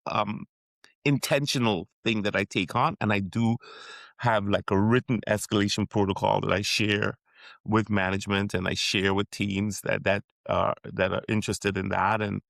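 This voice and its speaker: Middle-aged man from Trinidad and Tobago, sports psychiatrist guest, low and gravelly, reflective and halting. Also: fairly even intonation, fairly bright tone, dry recording. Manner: reflective, with frequent restarts and fillers. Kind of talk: podcast interview.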